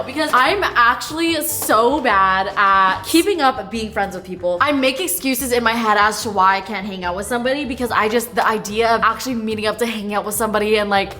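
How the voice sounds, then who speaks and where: A woman in her twenties from Canada, chatting casually to camera at home, animated and oversharing, jumping between loud remarks and quiet asides. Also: fairly high pitch. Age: 20s. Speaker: vlogger. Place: home kitchen and apartment.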